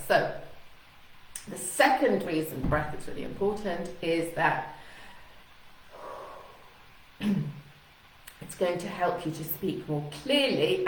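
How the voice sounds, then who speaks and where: A woman's voice: medium pitch, far from the mic. A woman speaking as a communication coach in a live talk to camera, chatty and encouraging, sometimes acting out anxious thoughts. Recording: echoey room with faint noise.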